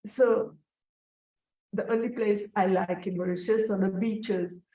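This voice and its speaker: A woman telling a personal story in an interview, slow, reflective and emotional. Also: medium pitch, fairly even intonation, warm tone. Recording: echoey room, voice from a distance.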